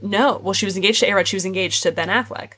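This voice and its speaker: A woman's voice: medium pitch, rapid-fire, bright, forceful tone, breathy edge. A young adult woman co-hosting a casual chat, telling long rambling stories. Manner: chatty, rambling storyteller. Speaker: podcast co-host.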